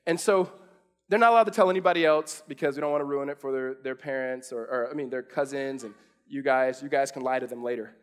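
A man's voice: medium pitch, fast, clear, resonant tone. A man, preaching a sermon in a casual storytelling way, full of restarts and fillers. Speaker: pastor.

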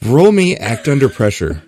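A man running a tabletop role-playing game as game master, relaxed and full of fillers. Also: mid-range voice, moderate pace, crowd noise.

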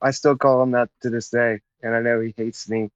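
A man's voice: medium pitch, little pitch movement, a little fast, no echo. Laid-back male guest, dull lo-fi sound. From Chattanooga, Tennessee, USA. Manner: rambling, laid-back storyteller, says "man" and "whatnot". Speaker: podcast guest, naval officer. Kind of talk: casual interview storytelling.

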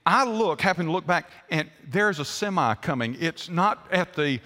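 Older pastor preaching, bright voice a bit high, long echo off the church walls. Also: male voice, lively intonation, normal speed. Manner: folksy, asks the congregation questions. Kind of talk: sermon. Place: church sanctuary.

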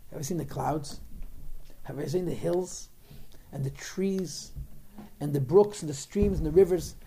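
A man's voice: on the high side, unhurried, gravelly, mellow, slight background noise. A man voicing an eager male giraffe in a class parable, coaxing his friend to look up. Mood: wistful. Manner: coaxing, listing sights. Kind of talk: storytelling in a class.

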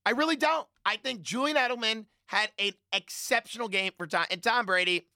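A man's voice: high voice, a little fast, pushed and bright, dry recording, clean studio sound. A man on a sports panel, arguing his point emphatically and repeating himself for effect. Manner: emphatic, repetitive, argumentative. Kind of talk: heated sports debate.

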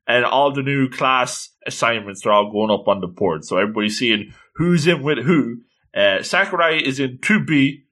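Man, casual read-along commentary, bright tone, lively pitch, exclaiming often. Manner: chatty, exclaiming, reacting aloud. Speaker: manga reader.

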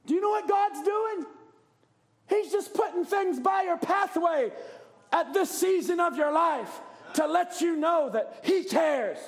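A man preaching a fervent, often shouted sermon with a gravelly voice. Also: extremely high pitch, a little slow.

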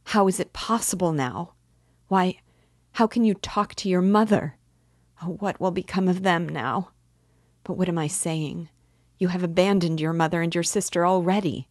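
A young, devout woman in anguish, her pleas rising high and loud above the narration. A woman reader acts her out in a close, dry recording, voice low and unhurried at its base. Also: fairly even intonation, no room sound. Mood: anguished pleading. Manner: pleading, emotional outbursts.

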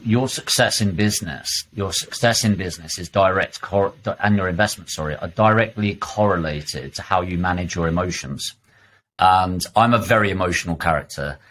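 A man's voice: low-pitched, moderate pace, fairly bright tone, slight background noise. A man talking as a podcast guest, emphatic and fired up, swearing freely. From United Kingdom. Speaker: podcast guest, property investor. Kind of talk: casual podcast chat.

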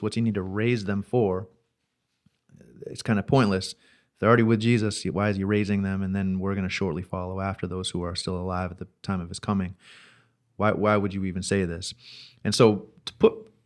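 A man co-hosting a podcast, casually discussing theology and reading Bible passages aloud with many fillers. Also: on the low side. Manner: explains patiently, reads scripture aloud, many fillers. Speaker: podcast co-host.

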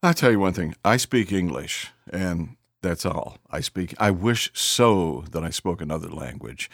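Man, podcast host, very low voice, hesitant chatty delivery, dry studio sound. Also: animated, a little slow, creaky, no room sound. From northern US, Great Lakes area. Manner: chatty, hesitant with many uh fillers. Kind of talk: casual interview chat. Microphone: studio microphone.

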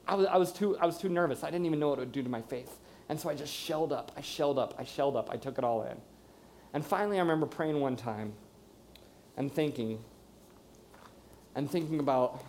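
A man's voice: fairly high pitch, brisk, darkish tone, slight background noise. A man, around his thirties or forties, telling a candid personal story in a conversational way, acting out what people said and what he thought. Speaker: speaker sharing a personal story. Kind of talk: personal testimony talk.

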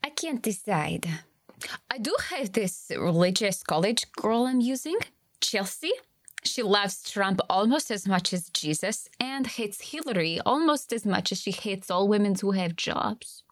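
A woman's voice: medium pitch, lively intonation, unhurried, no room sound. An actress playing a dry, skeptical woman who speaks broken English, dropping articles. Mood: sarcastic. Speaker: comedy sketch character. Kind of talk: comedic sketch acting.

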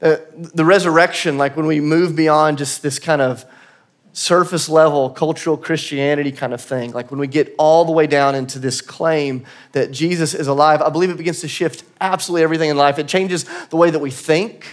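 A man's voice: on the high side, fairly even intonation, a little fast. A man giving a church sermon in a conversational, earnest way, sometimes laughing at himself. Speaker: pastor. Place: church auditorium.

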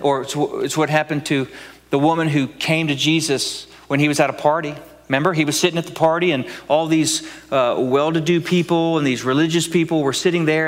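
A man's voice: on the high side, fairly bright tone, long reverb tail. A man preaching a sermon with dramatic delivery, acting out voices and dropping to whispers for emphasis. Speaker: pastor.

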